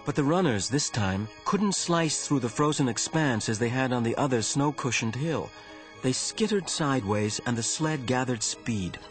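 A man narrating a novel in a measured storytelling manner. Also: lively intonation, soft background music. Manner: measured storytelling, rising in pitch during tense passages. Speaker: audiobook narrator. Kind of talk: scripted narration.

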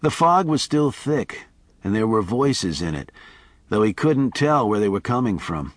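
Expressive male audiobook narrator. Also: on the low side, measured pace, no echo.

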